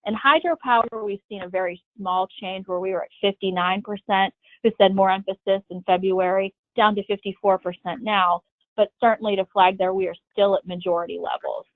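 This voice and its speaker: A woman's voice: mid-range voice, a little fast, no room sound. Woman presenting poll results over a phone line. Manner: steady, methodical walkthrough of slides. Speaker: pollster presenting survey results. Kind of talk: webinar presentation. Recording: tinny phone-line audio, dry.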